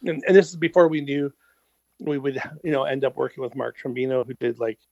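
A middle-aged musician telling stories in a casual interview, rambling with lots of fillers and casual swearing. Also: male voice, medium pitch, a little fast, gravelly, darkish tone, no echo. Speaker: musician guest. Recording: dull lo-fi sound.

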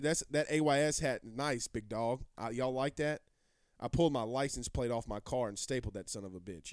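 A man's voice: mid-range voice, clean tone, no echo, clean studio sound. A man hosting a live sports talk show, brash and rambling, repeating himself as he answers viewer comments.

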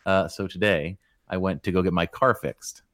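A man's voice: deep voice, steady tone, moderate pace, a bit bright, dry recording, clean studio sound. A man co-hosting a podcast, telling stories in a wry, self-deprecating way. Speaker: podcast co-host. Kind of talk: casual storytelling chat.

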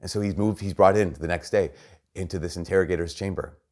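A man's voice: low-pitched, fast talker, a little mellow. A man, a priest, giving a homily as earnest storytelling with emphasis on key phrases.

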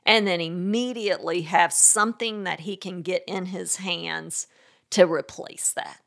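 A woman's voice: on the low side, steady tone, measured pace, vocal fry, a bit bright. A woman co-hosting a parenting podcast, giving practical, firm advice in a casual chat and laughing easily.

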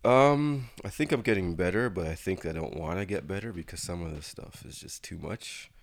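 A man's voice: sits low, moderate pace, creaky. A man co-hosting a podcast, chatting casually and laughing easily with his friend. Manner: relaxed, chatty, laughs often. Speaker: podcast co-host. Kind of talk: casual chat. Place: Toronto area.

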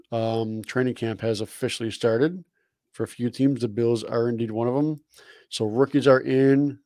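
A man's voice: medium pitch, mellow, no room sound. A man co-hosting a fan podcast in casual chat, laid-back with a wry, dry humor. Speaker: podcast co-host.

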